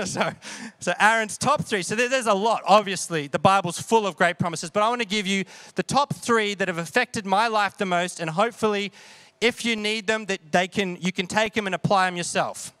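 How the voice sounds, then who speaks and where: High-voiced man preaching casually. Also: a little fast, pushed and bright, no room sound. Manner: conversational, asks the audience questions. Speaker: pastor. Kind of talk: sermon.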